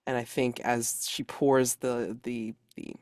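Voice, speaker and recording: A man's voice: medium pitch, little pitch movement, takes it slowly, darkish tone, clean tone. A man narrates as game master of a tabletop game, talking in a casual, rambling way full of fillers. The sound is close and dry, with no room echo.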